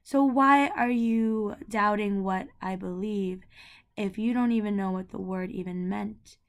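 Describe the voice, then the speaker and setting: A young vlogger, a woman with a mid-range voice, speaks unhurriedly as she rants to camera about her family. It's an emotional, heated, rambling outpouring with frequent fillers and repeated words.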